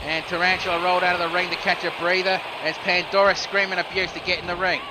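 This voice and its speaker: A man's voice: sits high, fast talker, hardly any pauses, background noise. A man doing solo play-by-play commentary of a video game wrestling match, calling each move steadily and rising sharply on near falls and reversals.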